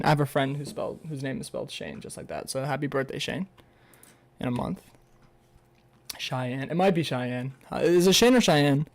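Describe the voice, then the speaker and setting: Rambling sarcastic young man, fairly high voice. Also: normal speed, long pauses. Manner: rambling, sarcastic, swears, stumbles when reading. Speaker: streamer. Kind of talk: casual livestream, reading an article aloud.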